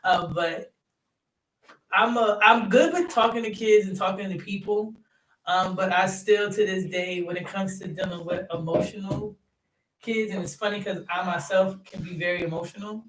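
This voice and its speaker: A young man, a youth basketball coach and third-grade teacher, telling stories in an animated, chatty way, laughing often and using lots of fillers. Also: high voice, moderate pace, distant mic. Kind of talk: casual interview chat. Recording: roomy sound from off-mic.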